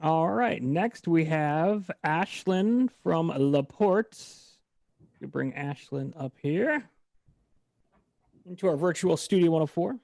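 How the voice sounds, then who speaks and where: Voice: mid-range voice, expressive, creaky, darkish tone, no room sound. Upbeat radio host bringing callers on one by one, dry close sound. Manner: upbeat, brisk host patter. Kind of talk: hosting a virtual fan meet.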